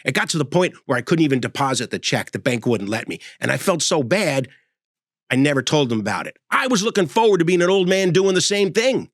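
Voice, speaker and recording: A man in his sixties giving a sarcastic, animated comedic monologue as host. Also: fairly high pitch, fairly quick, dry recording. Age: 60s.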